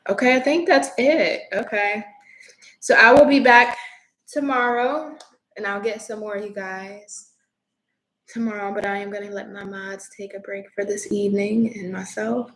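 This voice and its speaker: A woman's voice: medium pitch, steady tone, normal speed, fairly bright tone. A woman giving a casual, chatty tarot reading on a livestream, talking bluntly and laughing easily. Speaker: tarot reader. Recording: echoey room with faint noise.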